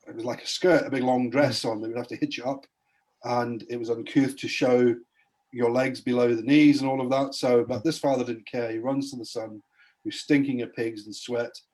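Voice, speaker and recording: A man's voice: medium pitch, warm tone. A man giving a spoken testimony as a podcast guest, earnestly retelling a Bible story in a preacher-like way.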